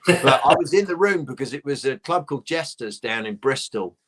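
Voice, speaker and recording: A middle-aged man from London with a posh southern English accent, a guest comedian telling lively stories in a casual chat, swearing freely and laughing as he goes. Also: medium pitch, brisk.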